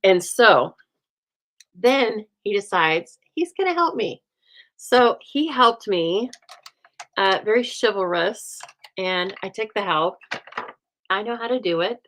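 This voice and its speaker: A woman hosting a stamping craft show, chatting casually and telling a lively story while she works, acting out the other people's lines as she goes. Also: medium pitch, slow pace, pauses often, a little hiss or hum, low-quality recording. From United States. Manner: chatty, animated storytelling with voiced quotes and laughs.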